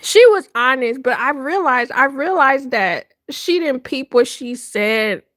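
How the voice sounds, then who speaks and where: A woman hosts a casual livestream chat, retelling stories in an animated, dramatic way and breaking into laughter often. Her voice sits a little high and she takes her time with each line. The sound is close and dry. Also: a little slow, no echo. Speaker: livestream host.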